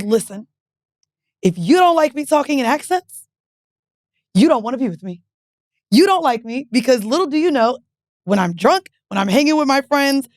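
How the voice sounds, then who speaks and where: A woman co-host chatting casually with her friends. She tells her stories in a candid, animated way. Her voice sits a little high and is recorded close and dry. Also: dry recording. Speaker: podcast co-host. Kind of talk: casual chat.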